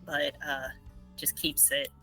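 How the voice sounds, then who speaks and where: Bright, low-voiced woman describing a scene. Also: level tone, slow pace, gravelly, soft background music, rough recording. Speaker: player. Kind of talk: tabletop role-play narration.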